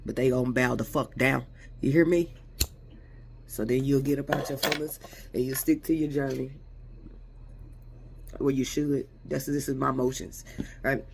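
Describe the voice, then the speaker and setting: Gravelly-voiced man venting about faith. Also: mid-range voice, fairly even intonation, moderate pace, pauses often, a little hiss or hum. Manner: reflective, repetitive, street-slang religious talk. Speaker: vlogger. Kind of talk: emotional spiritual venting monologue.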